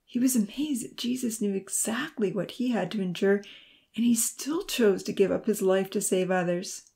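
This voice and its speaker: A woman narrating a Christian children's storybook aloud in a steady, expressive reading. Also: medium pitch, normal speed, vocal fry. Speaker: audiobook reader.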